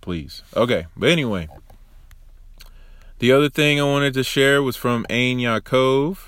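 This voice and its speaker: A man hosting a broadcast, giving casual, animated religious commentary with sarcastic asides. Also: medium pitch, unhurried, clear, resonant tone, no room sound. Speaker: host.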